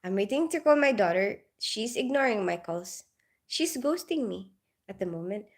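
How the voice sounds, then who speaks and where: A woman's voice: medium pitch, lively intonation, normal speed. Giggly woman chatting on a livestream. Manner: giggly, greets viewers by name, laughs often. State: just woke up after night shifts. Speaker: nurse livestreaming to viewers. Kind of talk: casual live-stream chat.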